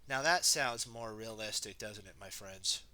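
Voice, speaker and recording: A man's voice: lowish voice, unhurried, bright, forceful tone. A man reading a children's storybook aloud, chatting with his viewers and asking them to comment. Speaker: storybook reader.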